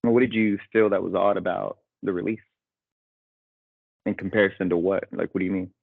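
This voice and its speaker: Gravelly low man over a thin phone-like line. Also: steady tone, no room sound. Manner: measured, questioning, gives short backchannels. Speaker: podcast co-host. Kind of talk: casual conversational podcast. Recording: dry, phone-like thin audio.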